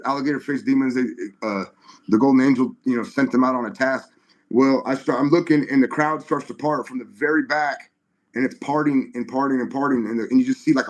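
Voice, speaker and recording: A middle-aged man giving a spoken testimony in casual conversation, animated and halting, with many restarts and fillers. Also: medium pitch. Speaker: guest.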